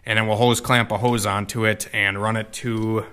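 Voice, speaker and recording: A man's voice: lowish voice, flat delivery, normal speed, a bit bright. A young man explaining car work in a casual, rambling way, with lots of fillers and cursing. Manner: rambling, profane, many fillers. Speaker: car tuning vlogger. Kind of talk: casual garage walkthrough.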